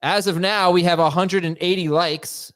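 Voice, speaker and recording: A man's voice: sits high, steady tone, normal speed, a bit bright, dry recording, studio quality. A man hosting a live fantasy football Q&A, reading viewer questions aloud and cracking puns. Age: adult. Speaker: host.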